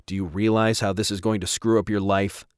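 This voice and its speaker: A man's voice: fairly low pitch, lively intonation, normal speed, no room sound, clean studio sound. A man voicing a stern middle-aged father who scolds his son firmly in an audiobook. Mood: scolding. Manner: scolding, firm.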